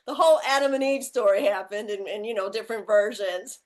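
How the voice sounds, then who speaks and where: A woman's voice: mid-range voice, brisk. A woman guest on a podcast, talking casually. She tells playful stories, laughs often, and voices characters. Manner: storytelling, playfully acts out characters. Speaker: podcast guest, spiritual healer. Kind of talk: casual conversational interview.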